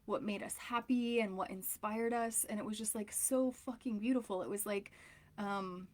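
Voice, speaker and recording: A woman's voice: mid-range voice, fairly even intonation, moderate pace, a little mellow. Candid, rambling woman coach. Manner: candid, rambling, emotional, with frequent likes and ums. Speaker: relationship coach. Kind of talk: casual personal talk to camera.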